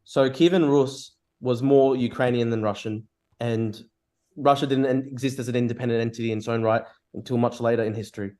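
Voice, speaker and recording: A man's voice: mid-range voice, fairly even intonation, fairly quick, a little mellow. A young man in a heated online debate, pressing his point with repeated accusations. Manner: accusing, hammering one point.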